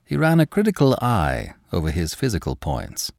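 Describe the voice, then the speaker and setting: A man narrating a classic novel in measured, expressive storytelling style. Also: sits low, vocal fry, dry recording, clean studio sound.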